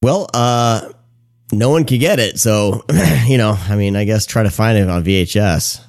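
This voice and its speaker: A man hosting a podcast in a casual chat, talking quickly and running his words together. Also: on the low side, gravelly, a little mellow, dry recording, clean studio sound. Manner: talks fast, runs words together. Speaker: podcast host.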